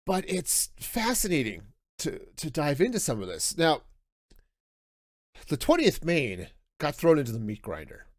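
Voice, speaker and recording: A man hosting a podcast, talking through a book review in a casual, animated way, often restarting his sentences. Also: fairly high pitch, unhurried, pauses often, no room sound, clean studio sound. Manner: animated, self-interrupting with restarts and laughs. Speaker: podcast host.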